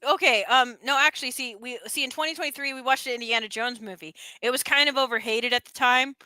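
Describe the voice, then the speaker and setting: A woman hosts a laid-back stream, her voice on the higher side and sharply bright. She chats in a lively way, breaking into laughs and excited rants. The sound is dry and close. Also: fast talker, no echo, poor audio. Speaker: streamer host. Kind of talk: casual chat.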